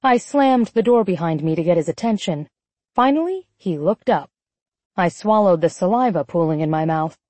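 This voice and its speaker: In a fairly low-pitched voice and at a slightly quick pace, a woman reads a first-person romance audiobook. She delivers the narration as a sardonic, expressive inner voice and also speaks the heroine's dialogue, with no room sound.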